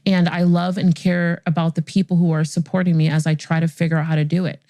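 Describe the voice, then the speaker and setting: Female podcast host in her 40s, animated storyteller who acts out the voices, mellow tone, dry close sound. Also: lowish voice, fast talker, dry recording. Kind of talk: storytelling monologue.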